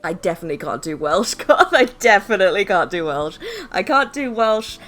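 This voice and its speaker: A woman chatting her way through a live-streamed game. Her pitch swings up and down a lot as she talks. She is self-deprecating and swears casually, with soft game music faint behind her. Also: lively intonation, normal speed. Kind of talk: live-stream gameplay commentary.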